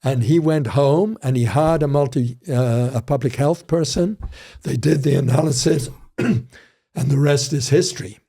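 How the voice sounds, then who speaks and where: A man's voice: mid-range voice, moderate pace, creaky, dark tone, breathy edge. An older man, a criminology professor, telling rambling stories with frequent restarts in a casual interview.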